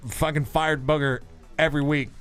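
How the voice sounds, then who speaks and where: A man hosting a casual show, telling stories in an animated way and swearing freely. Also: fairly high pitch, moderate pace, clean tone, faint music behind. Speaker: radio and show host. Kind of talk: casual storytelling chat.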